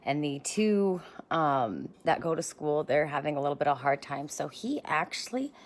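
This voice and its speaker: A woman's voice: sits low, expressive, moderate pace. A woman in her thirties talking casually and encouragingly into a handheld phone, bubbly and chatty with rambling asides. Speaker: vlogger. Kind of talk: casual motivational talk to camera.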